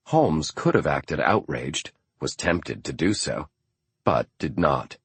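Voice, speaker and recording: A man reading a novel aloud as an audiobook narrator, in a steady, even storytelling manner. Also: rumbling low, slow pace, slightly rough, no room sound. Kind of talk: scripted narration.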